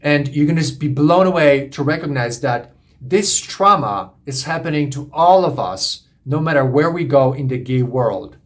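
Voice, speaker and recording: A man's voice: on the high side, expressive, moderate pace. A man coaching on relationships, lecturing in an earnest, repetitive, emphatic way. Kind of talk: monologue lecture to camera.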